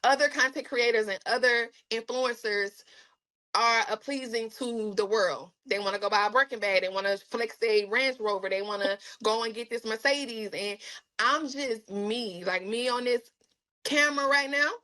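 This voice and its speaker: A woman guest in a casual interview with a somewhat high voice, who tells her stories with lively animation. She often acts out other people's lines and breaks into laughter. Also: normal speed, rough recording.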